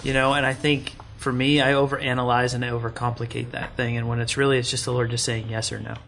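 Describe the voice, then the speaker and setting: A man's voice: medium pitch, flat delivery, quick pace, vocal fry, a bit bright, a little hiss or hum. A man in a Bible study group, thinking aloud as he shares his view. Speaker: group member. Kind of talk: sharing in a group discussion.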